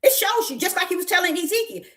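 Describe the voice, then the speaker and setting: Woman preacher, high and lively voice, folksy, emphatic, questioning the congregation. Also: quick pace. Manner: emphatic, repetitive, questioning the listeners; folksy, with breaks into laughter. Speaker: prophetess preaching. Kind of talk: sermon.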